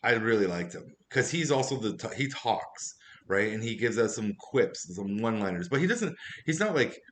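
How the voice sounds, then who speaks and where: A man's voice: lowish voice, big pitch swings, moderate pace, fairly bright tone, a little hiss or hum. A man giving a casual spoken movie review, rambling and chatty with frequent asides.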